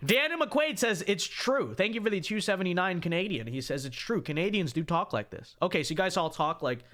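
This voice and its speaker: A man reacting live to a debate clip, his pitch swinging high and low as he talks. He sounds bright and lively while he reads out viewer donations. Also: fairly quick, hardly any pauses. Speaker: commentator reacting to a debate video. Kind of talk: livestream reaction commentary.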